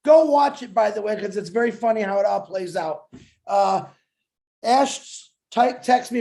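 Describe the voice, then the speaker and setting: A man co-hosting a webinar over a video call, telling stories in a lively, joking way. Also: high voice, moderate pace, vocal fry. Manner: animated, joking storyteller. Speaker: webinar co-host. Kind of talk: casual webinar storytelling.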